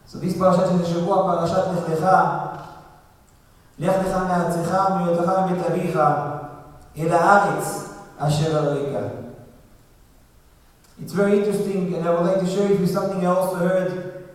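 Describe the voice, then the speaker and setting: High-voiced rabbi in an echoey hall. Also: male voice, flat delivery, quick pace, long pauses. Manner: earnest, storytelling with emphatic rises. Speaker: rabbi giving a eulogy. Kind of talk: eulogy sermon. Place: synagogue hall. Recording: distant echoey hall recording.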